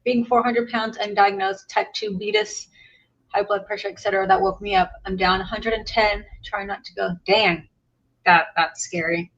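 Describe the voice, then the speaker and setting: A woman's voice: mid-range voice, steady tone, moderate pace, fairly bright tone. A woman hosting a casual reaction chat, making blunt, matter-of-fact comments. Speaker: host. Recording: slightly dull lo-fi audio.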